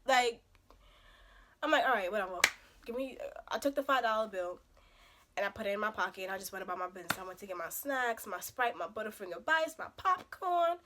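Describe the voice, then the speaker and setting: A young woman with a slightly hoarse voice from a cold, telling a dating story as a casual storytime vlog with emphatic, animated outbursts. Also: medium pitch, quick pace, slight background noise. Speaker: vlogger.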